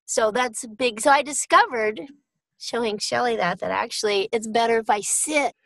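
A woman's voice: a little high, normal speed, creaky, a bit bright, no room sound, low-quality recording. A middle-aged voice actress talking casually and upbeat about her work, calling listeners darling. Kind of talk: casual chat.

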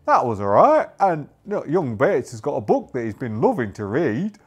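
A man voicing a relaxed male pirate crewman who talks in an easygoing, reassuring way. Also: mid-range voice, normal speed, breathy edge. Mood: contented.

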